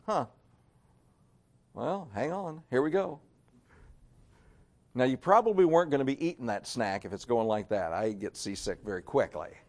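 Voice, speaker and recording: A man preaching a sermon to a church congregation, swinging between loud emphasis and hushed asides. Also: medium pitch, expressive, normal speed, pauses often. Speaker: pastor.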